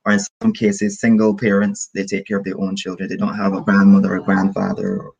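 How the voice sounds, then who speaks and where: A man from the Caribbean teaching an online English lesson, lively and encouraging, repeating key phrases for his student. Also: low-pitched, a little fast, vocal fry.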